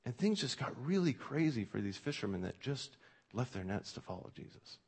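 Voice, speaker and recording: A man's voice: medium pitch, big pitch swings, brisk, creaky, breathy edge. A male pastor preaching a sermon in a conversational way, with frequent fillers and restarts, reading scripture aloud with extra emphasis.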